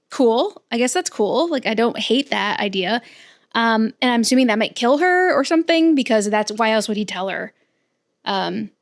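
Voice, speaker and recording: Young female book vlogger, fairly high voice, rambling casual chat with many fillers.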